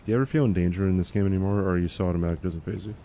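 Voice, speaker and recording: A man streaming a game chats casually, rambling through answers to questions from chat. His voice is lowish and mellow, he talks very fast, and there's a faint hum in the background.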